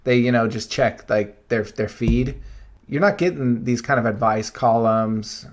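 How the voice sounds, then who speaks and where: A young man co-hosts a casual podcast and talks through stories in an earnest, reflective way. He often thinks aloud with small pauses, at an ordinary middle pitch. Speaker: podcast co-host. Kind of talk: casual chat.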